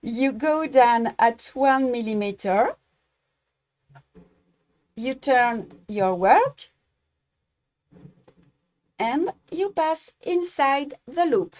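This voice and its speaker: A woman from France with a French accent, a native French speaker, teaching embroidery in a live-streamed tutorial and often halting to search for English words. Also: sits high, lively intonation, darkish tone.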